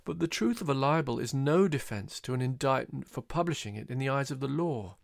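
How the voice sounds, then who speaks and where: A man's voice: mid-range voice, expressive, fairly quick, creaky, no room sound, clean studio sound. A man reading the lines of a pedantic male lawyer who speaks precisely about points of law. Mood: lecturing.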